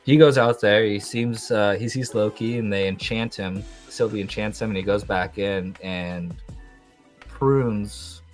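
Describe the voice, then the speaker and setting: A young man hosting a podcast, recapping a TV episode in a rambling, excitable way with lots of fillers. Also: fairly low pitch, a little slow, soft background music. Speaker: podcast host.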